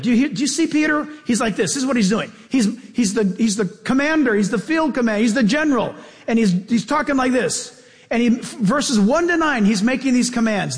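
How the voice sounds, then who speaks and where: A male pastor preaches with emphatic, down-to-earth energy, talking straight to the congregation in a fairly high voice. His words ring out with the long reverb of a large church hall. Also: animated, normal speed. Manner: emphatic, folksy and conversational, addresses the congregation directly. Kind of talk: sermon.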